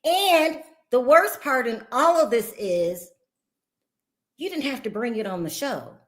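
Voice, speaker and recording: High-voiced blunt woman host. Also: unhurried. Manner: animated, blunt and laughing. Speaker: podcast host. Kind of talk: casual gossip commentary.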